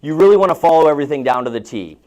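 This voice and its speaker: A man's voice: a little high, animated, racing, a little mellow. A man coaching real estate agents at a live seminar, telling stories in a chatty way and asking the audience questions. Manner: chatty storytelling, asks the room questions.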